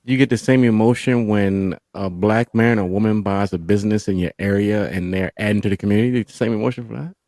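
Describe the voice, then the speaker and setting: A man on a panel discussion who teases the others with quick interjections. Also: fairly low pitch, darkish tone, no echo, studio quality. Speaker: panel guest.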